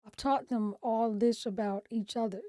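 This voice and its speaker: A woman's voice: fairly high pitch, fairly even intonation, moderate pace, no room sound. A middle-aged woman hosting a mental health talk, candidly telling a personal story in a reflective way. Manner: candid, reflective, with soft trailing asides. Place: home.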